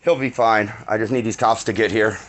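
Filming himself on a phone outdoors in a parking lot, a shaken, angry man tells what happened in a dog attack, swearing a lot. His voice is lowish, fairly bright, and steady in tone, and he talks fairly quickly in this agitated first-person retelling.

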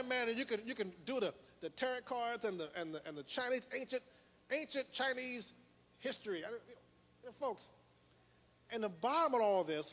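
A high-voiced American man speaks in a large hall, giving a motivational lecture to an audience. He tells a personal story, using dramatic repetition.

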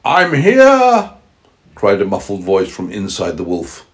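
A man with a low, husky voice reads a bedtime story to a toddler at home. He often pauses to ask simple questions and explain, in a patient, teaching way. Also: flat delivery, a little mellow. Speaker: parent reading a bedtime story. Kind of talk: reading aloud to a small child.

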